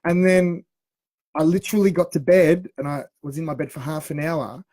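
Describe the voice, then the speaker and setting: Animated man telling a story. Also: fairly high pitch, moderate pace, no room sound, studio quality. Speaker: radio co-host. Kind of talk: casual storytelling chat.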